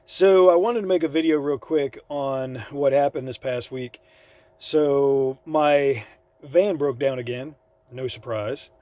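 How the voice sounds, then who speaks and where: Standing by his van on the side of the road, a man vlogs in a laid-back, rambling storytelling style, full of fillers and acting out the people in his story with quoted dialogue. His mid-range voice is mellow and slow, in a dry recording.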